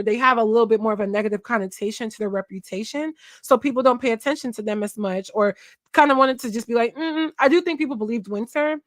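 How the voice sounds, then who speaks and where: A Philadelphia woman in her twenties hosts a casual gossip livestream, her voice a little high and slightly bright with no room sound. She chats with her viewers, trailing off as she searches for things aloud.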